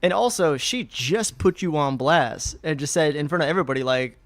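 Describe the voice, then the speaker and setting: A man co-hosting a casual podcast chat, rambling and animated, acting out characters in quick asides. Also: a little high, no room sound. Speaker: podcast co-host.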